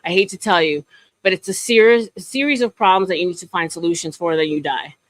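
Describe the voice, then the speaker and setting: A woman's voice: fairly low pitch, fast, dry recording, low-quality recording. A woman in casual chat, telling a long story with many fillers and restarts. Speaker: streamer guest.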